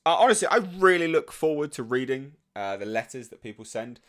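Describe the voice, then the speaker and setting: A British man chatting casually on a live stream, reading out chat messages, relaxed and full of swearing and ums. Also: medium pitch, brisk. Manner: laid-back, swears freely, many ums and restarts.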